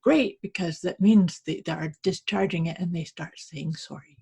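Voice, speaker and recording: A woman's voice: fairly low pitch, normal speed, creaky, a little mellow, husky. A woman co-hosting a podcast, chatting casually as a therapist and affirming her co-host. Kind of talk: casual chat.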